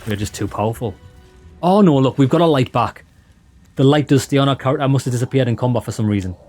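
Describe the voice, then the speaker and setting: A man giving excited, chatty commentary on a game he is playing, talking to viewers as lads. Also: medium pitch, quick pace, faint music behind. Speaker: let's play host. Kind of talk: casual gameplay commentary.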